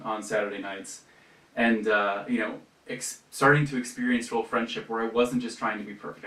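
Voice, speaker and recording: A man's voice: on the low side, a bit bright. A young adult man giving a personal faith testimony at a retreat, reflective and conversational, with frequent fillers and restarts. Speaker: retreat speaker. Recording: roomy, from a distance.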